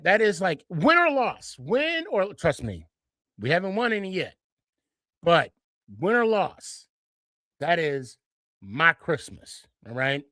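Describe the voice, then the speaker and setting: Excitable, rambling male podcast host. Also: no room sound. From Dallas-Fort Worth area. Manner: rambling, repeats himself, many restarts and fillers; excitable, jumps higher when animated. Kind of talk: casual monologue.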